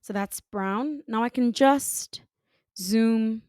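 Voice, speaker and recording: A woman giving a calm, step-by-step software design tutorial, talking through each click. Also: fairly high pitch, slow, clean tone, no room sound, studio quality. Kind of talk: screen-recorded software tutorial.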